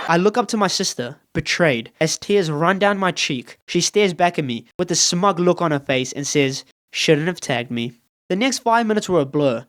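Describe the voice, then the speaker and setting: Lively young male storyteller. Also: high-pitched. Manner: playful, wry, self-mocking. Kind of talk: comedic storytime narration.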